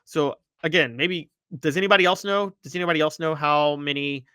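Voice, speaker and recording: A man's voice: on the high side, fairly quick, pushed and bright, clear, resonant tone, no echo, studio quality. A man hosting a sports podcast, giving opinionated commentary and talking straight to his viewers and chat.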